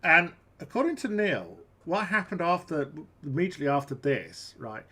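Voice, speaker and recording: A woman's voice: deep voice, very animated, moderate pace, sharp tone, breathy edge. A woman hosting a casual political commentary show, chatty and full of fillers. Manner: chatty, many fillers, "right?". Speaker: host.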